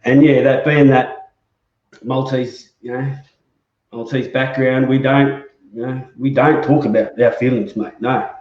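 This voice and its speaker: A man's voice: mid-range voice, steady tone, unhurried. A man hosting a casual chat show, speaking in a hesitant way full of fillers. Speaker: host. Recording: roomy, dull lo-fi sound.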